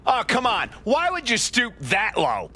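A man's voice: high-pitched, huge pitch swings, a little slow, sharp tone, slight background noise. A man doing play-by-play wrestling commentary for a video game, exclaiming at big moves.

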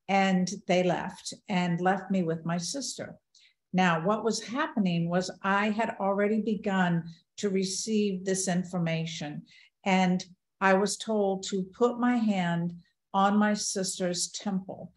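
A woman's voice: medium pitch, slow. An older woman giving a talk, earnestly telling a personal story and acting out the dialogue. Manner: earnest, quotes dialogue in a lively retelling. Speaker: guest speaker. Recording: echoey room.

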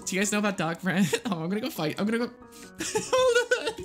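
An excitable streamer chatting through a game, quick to laugh and swear. Faint music plays under the voice. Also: mid-range voice. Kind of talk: live game streaming chat.

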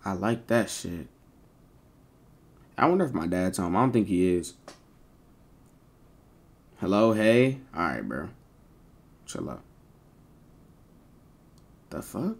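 A man's voice: deep voice, very animated, takes it slowly, pauses often. A man livestreaming, chatting casually to his viewers in rambling slang full of swearing.

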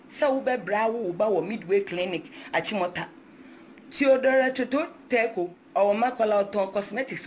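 A woman's voice: mid-range voice, moderate pace. Defiant Ghanaian woman, faint hiss behind. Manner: defiant, mixes English with Twi, reads scripture aloud. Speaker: mother speaking out. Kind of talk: emotional social media live video.

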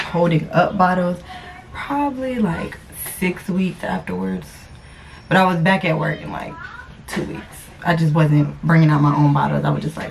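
A woman's voice: low voice, vocal fry. A young woman vlogging casually on her phone, blunt and cussing freely. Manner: blunt, cusses freely, groans in pain. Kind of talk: casual confessional vlog. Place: car, then indoors at home. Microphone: phone camera. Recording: noisy phone recording.

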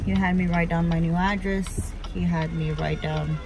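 A woman's voice: lowish voice, fairly even intonation, moderate pace. Woman, family vlogger, chatty, emotional, casual swearing, talking from her car, music in the background. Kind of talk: casual vlog storytelling. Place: in her car while driving.

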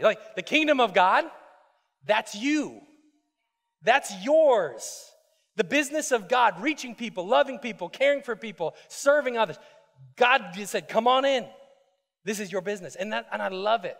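A man with a bright, high voice preaches to his congregation in a loose, chatty way, stumbling over quick restarts as he builds his point. His words ring out with a long reverb tail across the sanctuary. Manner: conversational, animated preaching with quick asides and repeated restarts. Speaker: pastor. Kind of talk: sermon. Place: church sanctuary.

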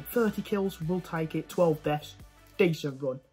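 A young man giving excitable live commentary over his own gameplay, cheering and swearing at the action. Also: a little high, measured pace, faint music behind. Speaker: gaming YouTuber.

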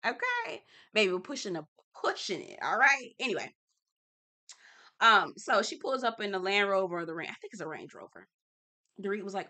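A woman's voice: medium pitch, very animated, a little fast, pushed and bright. A woman hosting a casual TV recap vlog, sassy and slangy, talking straight to her viewers. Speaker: TV recap host.

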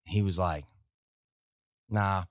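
The speaker is a brisk, deep-voiced American man in his thirties, a veteran guest sharing profane army stories on a podcast in animated, casual fashion. A podcast studio mic gives studio quality with no room sound.

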